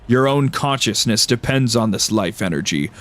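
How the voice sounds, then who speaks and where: A man voicing a serene, genderless cosmic being of light that turns squeaky and panicked when hurt, as he reads a story aloud. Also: lively intonation, fairly bright tone, close to an everyday voice. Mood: solemn. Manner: solemn and slow, then squeaky and panicked in pain.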